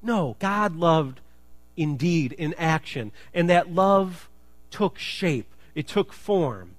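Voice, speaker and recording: Man pastor mid-sermon, fairly high voice, dry close sound, casual asides and emphatic refrains. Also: animated, takes it slowly, dry recording. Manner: conversational and joking, then emphatic. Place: church.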